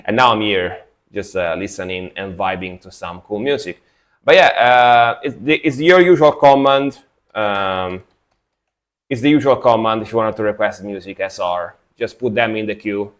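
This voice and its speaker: A man's voice: fairly low pitch, measured pace. A young man from Italy casually chatting to his live-stream audience, sleepy after a nap and rambling in a laid-back way. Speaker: streamer reacting to music.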